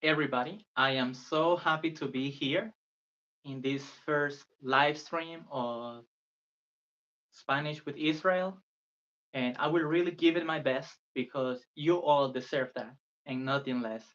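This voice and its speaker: A man's voice: fairly high pitch, unhurried, a bit bright. A man teaching a beginner language lesson on a live stream, patient and earnest, repeating phrases for viewers to copy. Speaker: Spanish tutor. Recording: dull lo-fi sound.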